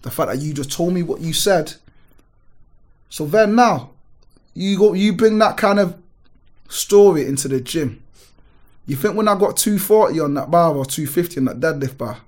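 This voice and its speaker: A man, a gym owner telling stories in an animated, emphatic way full of street on a casual podcast. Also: a little high, moderate pace, pauses often. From Britain. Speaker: gym owner and powerlifting guest.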